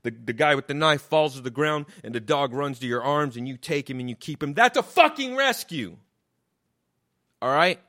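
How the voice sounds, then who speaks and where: A man's voice: mid-range voice, fairly even intonation, fairly quick, few pauses, fairly bright tone. A man delivering a profane, mocking comic rant, swearing constantly and hammering the same insults. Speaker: comedian.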